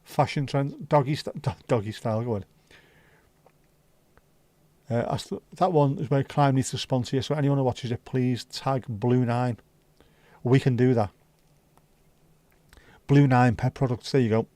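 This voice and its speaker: Scouse male streamer, warm low-key tone, dry close sound, rambling casual chat. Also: steady tone, moderate pace, pauses often, no echo. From Liverpool, England. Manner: chatty, rambling, swears freely. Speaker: livestream host.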